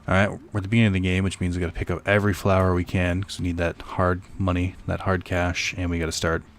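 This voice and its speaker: A young man gives casual let's-play commentary, rambling and cracking jokes with the odd profane aside. His voice is deep and gravelly. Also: level tone, fast talker, faint music behind. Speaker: gaming streamer.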